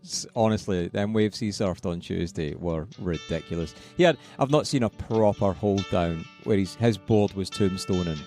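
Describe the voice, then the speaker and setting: A man's voice: low voice, moderate pace, hardly any pauses, faint music behind. A Scottish man co-hosting a podcast, chatting casually and telling stories with frequent laughs. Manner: lively storyteller, laughs often, swears casually. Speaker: podcast co-host. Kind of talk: casual chat.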